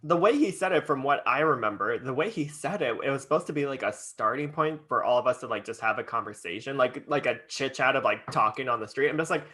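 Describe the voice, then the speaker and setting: Male podcast co-host, easygoing and conversational, middle pitch. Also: fast, hardly any pauses. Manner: relaxed, chimes in to fill out a shared story. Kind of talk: casual chat.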